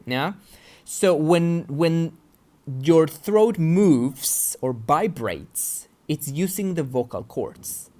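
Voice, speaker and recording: A man's voice: on the high side, a little mellow. A man teaching an English pronunciation lesson, patiently explaining and checking that his students follow along. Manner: patient, checks understanding with "yeah?".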